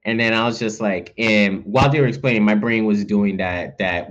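A man's voice: on the low side, fairly even intonation, moderate pace, hardly any pauses, fairly bright tone, lo-fi sound. A man co-hosting a podcast, rambling in casual chat with lots of restarts and acted-out asides. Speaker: podcast co-host.

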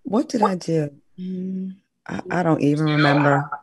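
A lively talk show host chatting and teasing the co-hosts in loose, casual talk. The voice sits at a middle pitch. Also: normal speed, husky. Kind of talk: casual chat.

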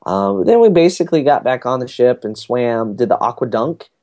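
This man has a warm, expressive, medium-pitched voice and speaks at a normal pace. As a podcast guest in casual conversation, he meanders through a family cruise story, leaning on lots of fillers.

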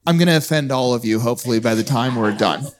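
A man's voice: mid-range voice, fast talker, soft background music. A man speaking bluntly and jokingly on a live podcast panel at a conference, throwing out provocative hot takes.

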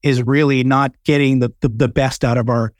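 A man's voice: mid-range voice, steady tone, normal speed, no echo. Friendly podcast host, a man. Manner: conversational, encouraging, some fillers. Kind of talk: interview hosting.

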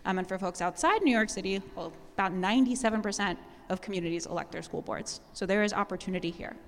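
A woman's voice: mid-range voice, quick pace. Earnest woman making an appeal in a hall. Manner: earnest, warm, laughs lightly. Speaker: guest speaker on civic action. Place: large hall with live audience. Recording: long hall reverb.

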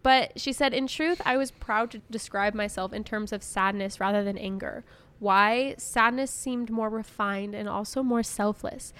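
A young woman co-hosting a casual podcast, chatty and laughing as she shares personal stories. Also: medium pitch. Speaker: podcast co-host.

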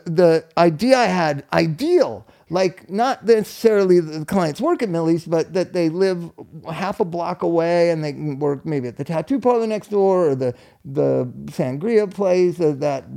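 Gravelly man rambling through a story. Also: high voice, mellow. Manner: rambling storyteller, laughs often, swears freely. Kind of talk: casual chat.

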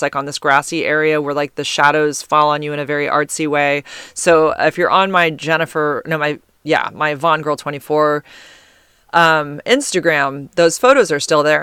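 Woman podcast host, casual storytelling, smooth clear voice, dry close sound. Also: low-pitched, fairly bright tone, dry recording. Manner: chatty, heavy use of "like" fillers.

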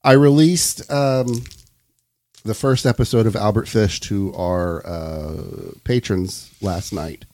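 A man's voice: on the low side, slow, warm tone. A man hosting a casual podcast chat, rambling loosely and laughing often. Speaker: podcast host.

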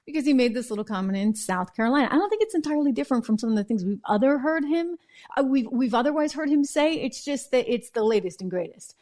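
A woman hosting an opinionated political commentary show, chatty and sarcastic, with quick asides and self-corrections. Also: high voice, animated, darkish tone.

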